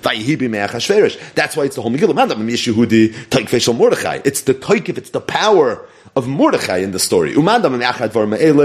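A man teaching a Talmud lesson, animated and mixing Hebrew and Yiddish terms into English. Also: mid-range voice. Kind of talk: Talmud lecture.

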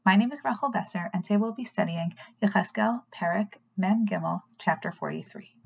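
A woman giving a recorded scripture lesson, reading verses in Hebrew and translating them in a measured, earnest way. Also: mid-range voice, vocal fry, a little hiss or hum. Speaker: Torah teacher.

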